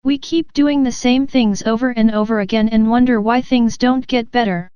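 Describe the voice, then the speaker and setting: A woman's voice: on the high side, fairly even intonation, normal speed, dark tone, smooth, no echo, muffled recording, natural voice. A woman voicing a little man in a storybook who mocks his own fear and speaks earnestly.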